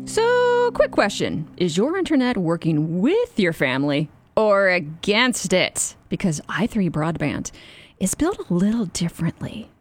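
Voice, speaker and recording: A woman's voice: lowish voice, big pitch swings, measured pace. A woman giving a chatty, upbeat scripted radio ad read.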